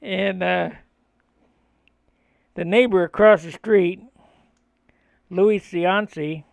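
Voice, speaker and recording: A man's voice: sits high, fairly even intonation, very slow, creaky, dry recording. An older man casually telling stories with chuckles while building a model airplane in his workshop. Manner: rambling, chuckling storyteller.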